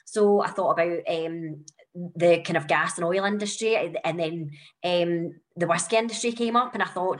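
A woman's voice: on the low side, moderate pace. A young woman with a Glasgow accent, chatting as a podcast guest and telling stories with plenty of fillers. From Scotland. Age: young adult. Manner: chatty storyteller, lots of fillers. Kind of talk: conversational podcast interview.

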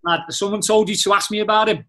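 A man's voice: sits high, quick pace. A man, a former footballer, telling blunt, slang-filled stories in a casual chat. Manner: blunt, swearing, animated storyteller with slang. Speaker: podcast guest, former footballer.

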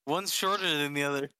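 A man's voice: fairly high pitch, bright, forceful tone, smooth, no echo, studio quality. A young man chatting casually with friends, brash and mocking, swearing often. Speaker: friend in group chat. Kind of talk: casual chat.

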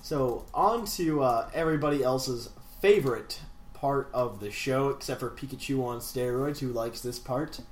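A man's voice: medium pitch, normal speed, slight background noise. A young man co-hosting a casual podcast, joking around and slipping into silly voices. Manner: goofy, jokey, slips into silly voices. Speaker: podcast co-host. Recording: echoey room.

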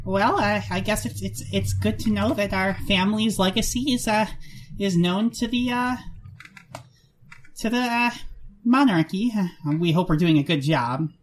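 A woman playing a tabletop game in character, hesitant and halting with many fillers. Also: medium pitch, slight background noise. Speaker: player. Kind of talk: in-character tabletop role-play.

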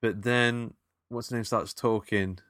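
A man with a very deep voice that still cuts through with a bright, sharp edge. He chats about a film in a halting, jokey way, trailing off with ums. The sound is close and dry. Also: steady tone, dry recording. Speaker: podcast co-host. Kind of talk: casual film review chat.

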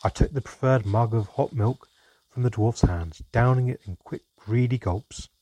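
Male audiobook narrator, mellow and husky, steady fantasy reading. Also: medium pitch, moderate pace, dry recording.

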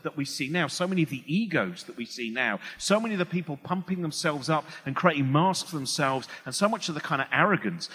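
Bright, slightly high-pitched English comedian, rambling and self-deprecating, in a reverberant hall. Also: male voice, breathy edge. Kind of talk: stand-up style talk to a live audience. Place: hall with live audience.

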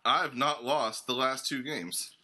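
A man's voice: mid-range voice, measured pace, bright, forceful tone. A man making wry remarks and laughing often while playing a game with friends. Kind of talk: casual podcast game chat.

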